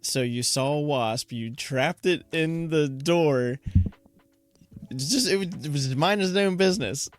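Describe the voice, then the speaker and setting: A man's voice: on the high side, unhurried, faint music behind. A man co-hosting a podcast, teasing his friend in an easygoing, laughing, casual way. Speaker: podcast co-host. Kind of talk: casual chat.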